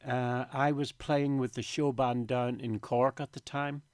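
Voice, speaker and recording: A man's voice: medium pitch, flat delivery, unhurried, dry recording. Older man, radio guest, heartfelt storytelling, close dry studio mic. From Northern Ireland. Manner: emotional storytelling, tearful at times. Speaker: interview guest. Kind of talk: radio interview. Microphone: studio microphone.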